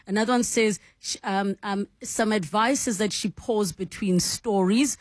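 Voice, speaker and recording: A woman hosting a radio talk show, chatty and quick to acknowledge with a soft "mm". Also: mid-range voice, steady tone, no room sound, studio quality. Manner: conversational, frequent "mm" acknowledgements. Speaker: radio host. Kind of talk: radio studio conversation.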